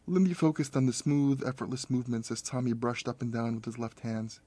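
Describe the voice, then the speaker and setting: Audiobook narrator: man, measured and steady, mid-range voice, close dry recording. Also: mid-range voice, dry recording.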